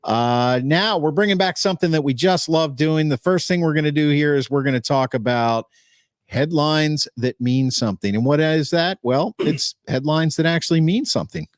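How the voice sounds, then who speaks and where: A man's voice: fairly high pitch, normal speed, dry recording, studio quality. A man hosting a casual sports podcast, joking and laughing, often restarting his sentences. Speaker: podcast host.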